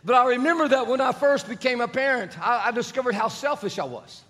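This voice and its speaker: A man's voice: very high-pitched, a little fast, sharp tone. A middle-aged man preaching a sermon, telling family stories with humor and acting out the voices of others. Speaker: pastor. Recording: long reverb of a large hall.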